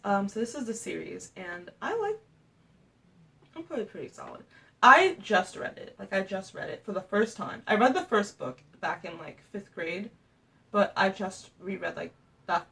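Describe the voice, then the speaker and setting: A woman's voice: mid-range voice, gravelly, fairly bright tone, far from the mic. A young woman ranking books in a casual vlog, chatty and gushing, with lots of fillers and restarts. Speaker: booktuber.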